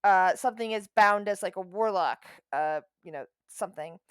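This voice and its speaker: A woman's voice: medium pitch, moderate pace, clear, resonant tone, dry recording. A woman narrating as game master of a tabletop game, chatty and often searching for words mid-sentence.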